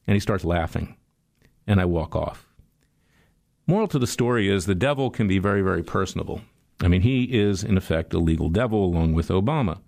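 A man's voice: fairly low pitch, a little fast, creaky. Sarcastic older man, political monologue. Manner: sarcastic, storytelling, animated. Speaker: political commentator. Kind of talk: monologue commentary.

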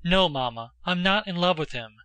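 An excitable, earnest teenage girl, put on by a man reading a storybook, breathless and pleading. Her voice sits high, bright and crisp, recorded dry and close with no room sound. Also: moderate pace, no echo.

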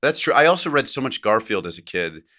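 A man's voice: mid-range voice, very animated, fast talker, sharp tone. A man co-hosting a podcast, chatting casually and reading a listener's letter aloud with joking asides and frequent laughs. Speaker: podcast co-host.

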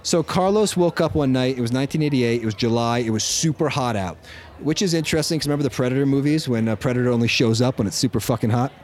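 Rambling, excitable male podcast host. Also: medium pitch, fast talker, few pauses. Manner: rambling, self-correcting, often laughing. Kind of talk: casual chat, telling a story to co-hosts.

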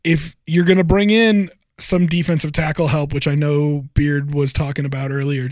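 A man's voice: fairly high pitch, little pitch movement, normal speed, a little mellow, no echo. A man co-hosting a podcast in casual sports chat, argumentative and teasing. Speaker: podcast co-host.

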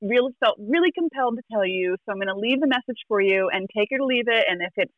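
Animated woman telling a story. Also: on the high side, fast, no room sound, narrow, tinny audio. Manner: animated storyteller, acts out quotes, laughs often. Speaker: tarot reader. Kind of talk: casual storytelling chat.

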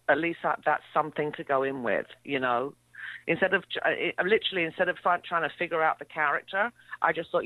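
A woman's voice: sits low, a little fast, no room sound. A middle-aged English woman with a mid-Atlantic accent, a guest actress telling stories chattily with lots of fillers and restarts. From England. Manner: chatty, many fillers and restarts, laughs easily. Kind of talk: casual interview storytelling. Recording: tinny dry phone line.

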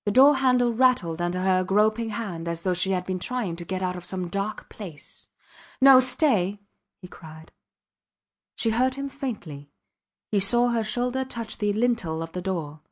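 A woman narrating a classic novel in a measured, even reading. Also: mid-range voice. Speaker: audiobook narrator. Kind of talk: scripted narration.

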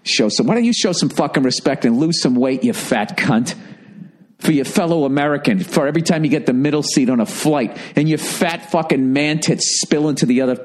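A stand-up comedian telling a profane anecdote, ranting indignantly with heavy swearing. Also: male voice, a little high, a little fast.

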